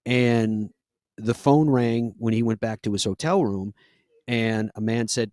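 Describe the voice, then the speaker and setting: A man's voice: fairly low pitch, measured pace, darkish tone, no echo. A man hosting a live golf talk show, telling stories in an earnest, conversational way with frequent fillers.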